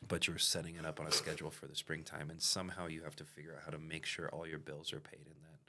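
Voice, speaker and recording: Roofing company owner guy, deep voice, laid back reflective podcast talk. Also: flat delivery, fast, background noise. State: has the hiccups. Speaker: business owner and podcast host. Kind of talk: casual business podcast chat.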